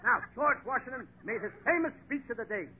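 A man's voice: very high-pitched, expressive, brisk. A man in an old-time radio comedy routine, whiny and flustered, always mixing up his words. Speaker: comedian in a double act. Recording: tinny old radio broadcast with hiss.

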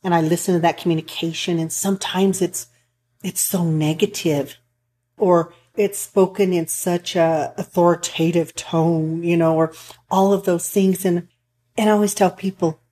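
A woman's voice: on the low side, fairly even intonation, moderate pace, dark tone. A woman counselor talking earnestly in a casual chat, rambling a bit with restarts as she tells stories. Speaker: counselor for couples and families.

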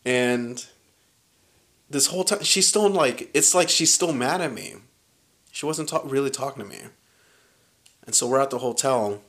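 A man's voice: medium pitch, normal speed, pauses often. Guy in his 30s telling a story on a podcast, swears a lot, does everyone's lines, normal mid voice. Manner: animated, profane, acts out quoted lines. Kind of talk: casual storytelling chat.

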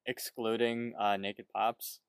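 A man's voice: fairly low pitch, level tone, slow, smooth, no echo. A man co-hosting a podcast, chatting casually about a cartoon episode with short reactions and questions. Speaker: podcast co-host. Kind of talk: casual cartoon recap chat.

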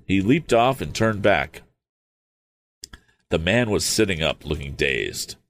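Man, very deep voice, reading a novel, hesitant asides. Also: lively intonation, slow, fairly bright tone. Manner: hesitant, apologetic asides between narration. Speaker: audiobook reader.

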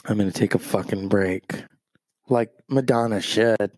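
A man's voice: fairly low pitch, unhurried, a little mellow, dry recording. A man hosting a show, ranting in a crude, rambling, self-mocking comic way. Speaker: show host. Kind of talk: comedic rant.

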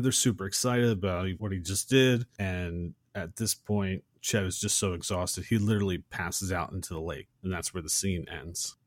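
A man's voice: lowish voice, no echo, clean studio sound. A man co-hosting a podcast, casually retelling a movie scene in a rambling, chatty way. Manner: rambling, chatty, acts out quotes. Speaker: podcast co-host.

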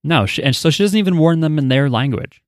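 A man's voice: a little high, expressive, quick pace. A man co-hosting a podcast, chatting in a loose, rambling way and cursing casually. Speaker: podcast co-host. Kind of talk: casual chat.

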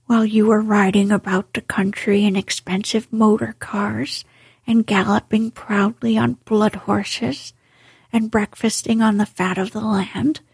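A woman's voice: mid-range voice, level tone, measured pace, no echo, heavily acted. Ratty, a sensible water rat, whispered by a woman. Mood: reproachful. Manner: soft, breathy whispered reading.

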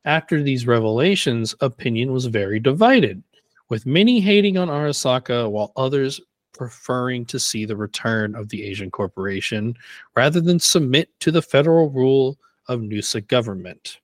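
A man's voice: mid-range voice, normal speed, no room sound. Man steadily reading lore notes. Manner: steady, even reading of notes with brief banter. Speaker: podcast co-host.

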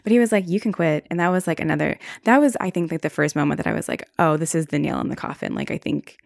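A woman's voice: low-pitched, quick pace, creaky, no room sound, clean studio sound. A young woman hosting a podcast, talking frankly in a casual monologue, swearing and filling her speech with "like". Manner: frank, swears freely, many "like" fillers. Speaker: podcast host.

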